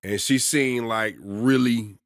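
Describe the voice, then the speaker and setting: Man, casual podcast talk, relaxed slangy storytelling, dry close sound. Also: mid-range voice, takes it slowly, no room sound. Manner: relaxed slangy storytelling, repeats "you feel me". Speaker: podcast co-host, father.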